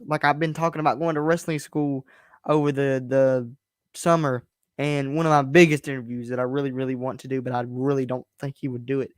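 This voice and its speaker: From his bedroom, a young man hosts his own podcast stream, ranting solo in a candid, rambling and frustrated way. His voice is fairly high in pitch, and the recording is dry with clean studio sound.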